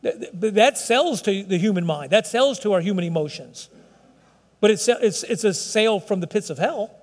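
A man's voice: high voice, animated, moderate pace, in a large hall. A man preaching a sermon, talking with the congregation and asking them questions. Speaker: pastor. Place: church, broadcast service.

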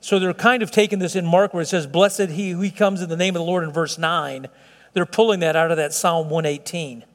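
A man with a high voice delivers a sermon, lingering on words for weight and lifting his voice as he presses a point. His voice rings out with the long reverb of a large hall. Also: fairly even intonation. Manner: preaching with slowed, stretched emphasis and rising intensity. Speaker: pastor.

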